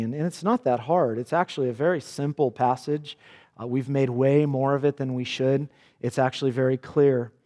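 A man's voice: mid-range voice, darkish tone, big-room sound. A male pastor preaching a sermon with earnest emphasis, quoting scripture dramatically.

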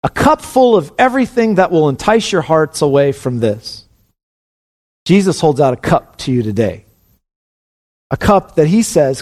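A pastor preaching an earnest sermon, his voice climbing high on emphatic calls. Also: sing-song, normal speed, pauses often, a little mellow.

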